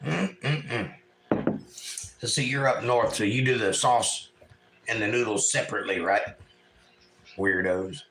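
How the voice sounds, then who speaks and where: A man's voice: fairly low pitch, measured pace, pauses often, very noisy. A man from eastern North Carolina with a Southern accent, hosting a casual livestream at home and reading chat messages aloud in a folksy way.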